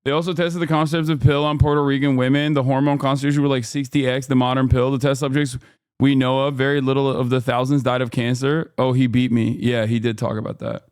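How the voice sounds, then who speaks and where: Animated male streamer, crisp dry sound. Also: mid-range voice, fast, no room sound. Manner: animated, joking, reads chat aloud. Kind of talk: live-stream reaction commentary.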